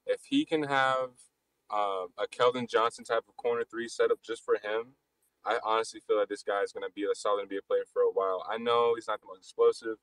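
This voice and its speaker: A man hosting a casual live basketball chat, talking fast and loosely with frequent restarts. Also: fairly low pitch, fairly even intonation, fairly bright tone, dry recording, poor audio. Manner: rapid, loose talk with many restarts. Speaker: podcast host.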